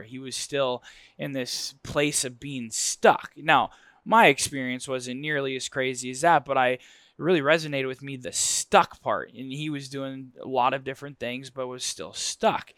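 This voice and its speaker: A man as a guest, telling a personal story in a lively, animated way with casual fillers. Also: medium pitch, no room sound.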